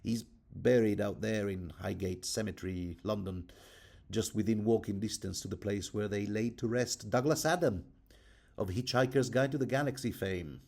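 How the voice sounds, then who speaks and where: A man's voice: fairly low pitch, moderate pace, gravelly, darkish tone. A man giving a rambling, casual commentary on a book, chatty and digressive and often mocking himself.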